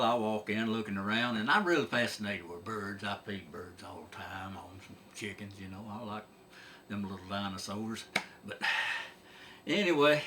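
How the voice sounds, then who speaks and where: A man's voice: fairly low pitch, sharp tone, a little hiss or hum. A middle-aged man telling a comic folksy story, drawling and chuckling along. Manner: drawling, laughs at his own tale.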